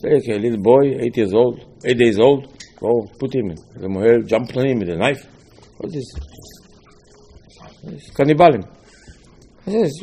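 Man, rabbi giving a Torah lesson, husky voice, lively rhetorical style. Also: mid-range voice, normal speed, pauses often. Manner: animated, rhetorical questions, repeats phrases.

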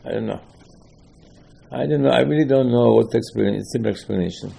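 A man's voice: medium pitch, fast, creaky, pauses often, warm tone, slightly rough. A man gives an informal religious lesson as a rabbi. He talks emphatically, repeating key phrases and throwing out rhetorical questions. His English grammar is a little broken. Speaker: rabbi teaching a Torah class.

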